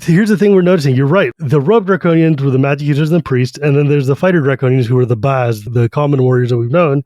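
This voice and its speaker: Medium in pitch and with no room sound, a man co-hosts a podcast and eagerly narrates a fantasy novel's story in casual conversation, briefly doing voices for the characters.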